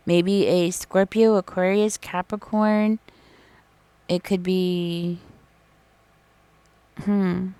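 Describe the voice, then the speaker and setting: A woman's voice: fairly low pitch, steady tone, drawn-out words, long pauses, mellow, clean tone, no echo. A woman giving a casual tarot reading, chatty and rambling as she thinks aloud. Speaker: tarot reader.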